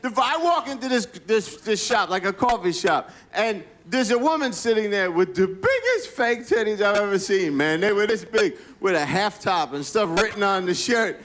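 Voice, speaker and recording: High-voiced man doing profane stand-up. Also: sing-song, normal speed, hardly any pauses, a bit bright. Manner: profane, rambling storytelling with restarts and acted-out quotes. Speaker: stand-up comedian. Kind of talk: stand-up comedy set. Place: comedy club stage with audience. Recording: live club recording with audience laughter and faint noise.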